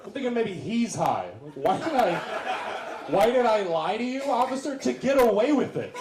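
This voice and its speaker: A man's voice: extremely high pitch, sing-song, moderate pace, noisy background. A man performing a stand-up comedy set on a live stage, telling a story with self-deprecating asides and acted-out quotes. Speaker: guest comedian. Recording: roomy venue sound with crowd.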